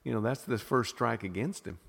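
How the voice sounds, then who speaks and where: Southern man, podcast guest, mid-pitched, thoughtful explainer, long reverberant sound. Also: brisk, gravelly, fairly bright tone. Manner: thoughtful, self-interrupting explainer with frequent restarts. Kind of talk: casual teaching conversation.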